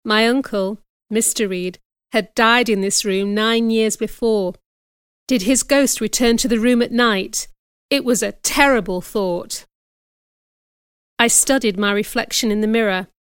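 A woman reading a storybook aloud as narrator, in a careful, steady storytelling manner. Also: a little high, unhurried, clear, resonant tone, dry recording, clean studio sound. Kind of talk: scripted audiobook narration.

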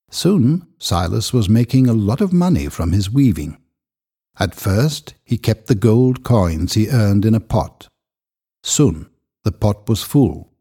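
A man narrating a story in a measured, expressive reading voice. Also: lowish voice, slightly rough. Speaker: audiobook narrator.

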